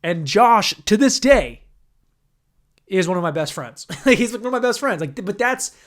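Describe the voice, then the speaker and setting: A man's voice: high-pitched, lively intonation, normal speed. A young man hosting a podcast, telling a rambling, profane story on his own and acting out the quoted voices. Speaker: podcast host. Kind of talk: casual solo storytelling.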